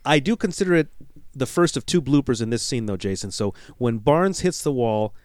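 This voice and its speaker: A man's voice: medium pitch, fairly quick, no echo. Man co-hosting a podcast, dry close sound. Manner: storytelling recap, animated, laughs at himself. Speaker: podcast co-host. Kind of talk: casual podcast movie breakdown.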